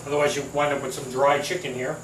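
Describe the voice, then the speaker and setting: A man's voice: medium pitch, little pitch movement, quick pace, far from the mic, slight background noise. A man chatting casually through a home cooking demo, upbeat and talkative. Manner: chatty, upbeat, talks with mouth full. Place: home kitchen. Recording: roomy echo, voice from off-mic. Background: sizzling food on a grill.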